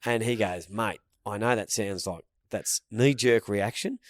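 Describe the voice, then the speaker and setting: An Australian man co-hosting a podcast, telling an animated, profanity-laced story in casual banter. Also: fairly low pitch, unhurried, no echo, studio quality. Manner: storytelling, swears freely, animated. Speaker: podcast co-host.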